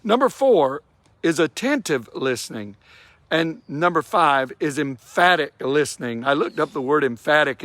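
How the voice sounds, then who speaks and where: A middle-aged man with a slightly raised pitch delivers a brief devotional in a close, dry recording. He takes his time and draws out the words he wants to land. His tone is gentle and conversational. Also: no room sound. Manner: warm, unhurried, stretches key phrases for emphasis. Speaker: devotional speaker. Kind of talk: short devotional talk.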